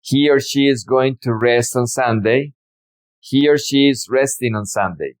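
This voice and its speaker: A man with a Latin American Spanish accent, teaching a Spanish lesson and repeating words slowly and clearly for learners. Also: mid-range voice. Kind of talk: slow, deliberate language lesson.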